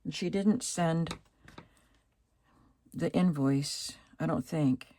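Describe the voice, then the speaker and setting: A woman with a low, unhurried voice talks through her craft haul in a relaxed vlog. She thinks aloud as she goes and lingers over the pieces she likes. Her voice still has a slight morning roughness. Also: a little hiss or hum. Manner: slow and chatty, softly admiring, thinking aloud. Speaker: craft vlogger. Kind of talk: casual show-and-tell vlog.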